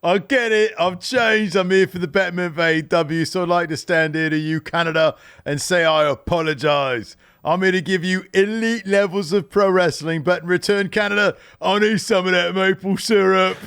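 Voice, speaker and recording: A man's voice: sits high, fairly even intonation, normal speed, few pauses, fairly bright tone, clean tone, pitched above the performer's own voice. A man doing a put-on British impression of a cocky, cheeky young male wrestler. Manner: boastful, cheeky.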